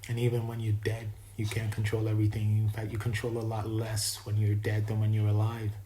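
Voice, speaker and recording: A man speaks in a low, mellow voice with an East Coast American accent that he admits is not perfect. He muses through a rambling spiritual monologue in a flat, even tone and keeps restarting his sentences. A faint background noise sits under his voice. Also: brisk, rough recording. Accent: East Coast American, self-described as not perfect. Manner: meandering and reflective, with frequent restarts.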